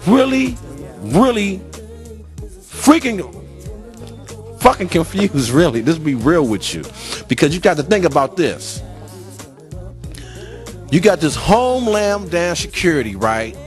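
A man's voice: a little high, very animated, a little slow, long pauses, faint music behind. Agitated, profane man ranting. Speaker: street interviewee. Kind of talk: impassioned street rant.

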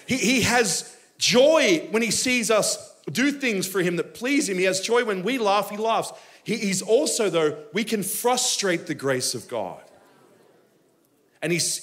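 A man's voice: high-pitched, a little slow. A man preaching a sermon at a live church service, telling stories with humor and acting out voices. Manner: animated, humorous storytelling with impressions. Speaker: pastor.

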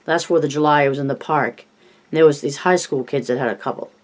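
A reader voicing a quiet, sensible eleven-year-old boy in an audiobook, speaking in a calm, measured way. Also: mid-range voice, natural voice.

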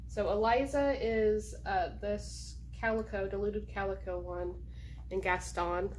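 A woman librarian reading a picture book aloud slowly and coaxing her pets in a gentle voice. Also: medium pitch, slight background noise. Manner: slow, drawn-out reading of the story lines. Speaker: children's librarian.

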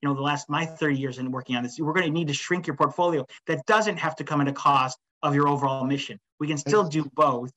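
A man's voice: fairly high pitch, fast talker, hardly any pauses, bright, forceful tone, poor audio. A man in his fifties speaking as a webinar panelist, emphatic and rambling with many restarts.

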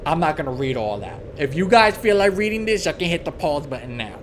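A man's voice: fairly high pitch, very animated, a little fast, background noise. A young man streaming a horror game, talking in slang, swearing and crying out at every scare. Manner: jumpy, loud outbursts, swearing slang. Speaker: gaming channel host.

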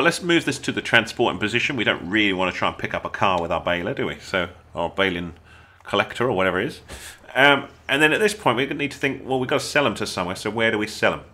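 A man with an English accent, talking through a casual gameplay tutorial in a chatty, excitable way with jokey asides. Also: mid-range voice. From England. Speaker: gaming YouTuber.

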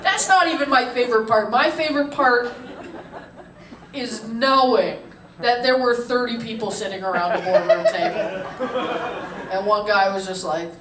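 Woman, stand-up comic, brash and swearing, fairly high voice, roomy club sound. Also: moderate pace, long pauses, a crowd in the background. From Calgary, Canada. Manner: brash, swears freely, laughs at her own jokes. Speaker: stand-up comedian. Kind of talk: stand-up comedy. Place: comedy club stage. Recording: roomy club sound, distant mic, noisy.

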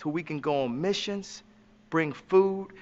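A man's voice: fairly high pitch, unhurried, in a large hall, muffled recording. A man speaking as an interview guest in a slangy, emphatic, preachy way. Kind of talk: impassioned preachy talk.

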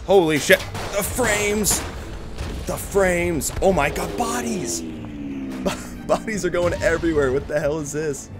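A man giving excitable, profane gameplay commentary, shouting battle cries while he plays. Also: a little high, slow. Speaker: gaming YouTuber. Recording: game music and gunfire behind. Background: game music and gunfire.

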